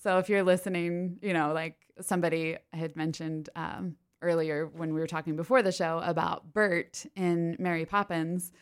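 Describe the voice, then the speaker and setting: A woman's voice: fairly low pitch, little pitch movement, moderate pace, hardly any pauses, clear, resonant tone. A woman from Pennsylvania, a stage actress talking as a podcast guest, chatty and full of "like" fillers, laughing often. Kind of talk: casual interview chat.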